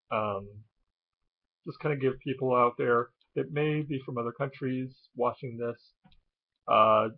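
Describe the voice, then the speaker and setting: A man with a plain Midland American accent talks casually and haltingly, reaching for "um" and "uh" often. His middle-pitched voice comes through thin and tinny, like over a phone line. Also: creaky. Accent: General American (Midland). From Illinois, US. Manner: hesitant, many "um" and "uh" fillers. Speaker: vlogger. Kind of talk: casual explainer.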